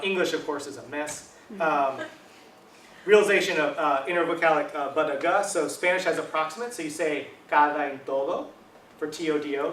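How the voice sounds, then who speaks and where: A man's voice: on the high side, fairly bright tone, slight background noise. Man lecturing casually in an echoey room. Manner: casual, conversational lecturing with frequent "um", "right?". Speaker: university linguistics lecturer. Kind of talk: academic talk. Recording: echoey room, mic at a distance.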